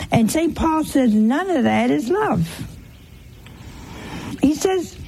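A woman's voice: high-pitched, creaky, warm tone, a little hiss or hum. A woman giving an informal sermon, teasing her listeners with rhetorical questions and humorous anecdotes. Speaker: religious teacher.

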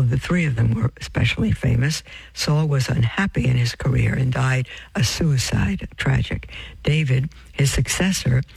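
A man's voice: medium pitch, creaky, a little mellow, husky, dry recording, poor audio. A man preaching, reading from a religious text and breaking off into asides to his listeners, whom he calls beloved. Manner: addresses listeners as beloved, reads with off-script asides and self-corrections.

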